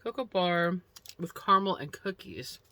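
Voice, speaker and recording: A woman with a notably low voice reviews snacks in a casual vlog. She chats in an unhurried way, murmuring as she chews. Clear background noise runs under the home recording. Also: lively intonation, sharp tone. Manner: chatty, unhurried, murmurs while chewing. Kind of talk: casual snack taste-test commentary.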